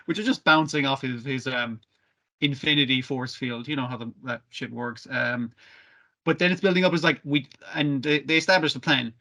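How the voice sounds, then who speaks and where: A man's voice: medium pitch, moderate pace. A man recapping anime on a podcast in casual chat, swearing a lot and acting out the characters' lines. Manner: swearing, animated, acts out quotes. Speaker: podcast co-host.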